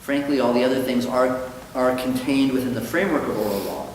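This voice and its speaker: Far from the mic in a synagogue study hall, a rabbi talks fairly quickly in a mid-range voice, with heavy echo and faint noise around him. His Talmud class is conversational and thoughtful, and he brings the quoted dialogue in his stories to life with a livelier voice.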